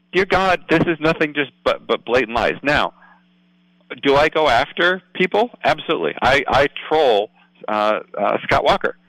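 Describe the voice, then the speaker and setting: A man's voice: fairly low pitch, fairly bright tone, no echo, rough recording. A man speaking as a political guest on a radio show, earnest and explanatory, often asking "right?". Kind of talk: casual radio talk.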